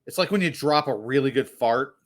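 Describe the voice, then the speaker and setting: A man's voice: mid-range voice, lively intonation, a little fast. A man co-hosting a casual movie podcast, talking in a rambling, jokey way. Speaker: podcast co-host.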